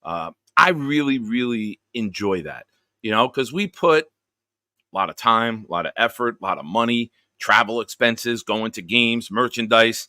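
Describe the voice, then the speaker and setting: A man's voice: medium pitch, lively intonation, moderate pace, sharp tone, no echo, clean studio sound. A man hosting a casual live stream show, greeting viewers one by one with jokes and upbeat energy. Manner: jokey, upbeat roll call of viewers. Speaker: show host.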